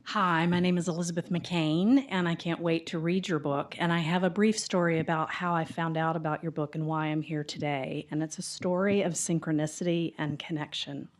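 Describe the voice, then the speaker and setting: A woman's voice: deep voice, normal speed, hardly any pauses. A middle-aged woman from the US South with a Southern drawl, telling a rambling personal story as an audience member at a bookstore talk. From Mississippi and Tennessee, US South. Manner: chatty, rambling, animated storyteller acting out quotes. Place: bookstore event room.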